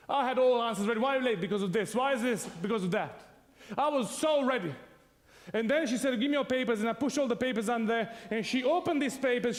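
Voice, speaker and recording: In a large hall, a Serbian man with an extremely high-pitched voice tells an audience a funny personal story. He laughs often along the way, giving a humorous personal testimony.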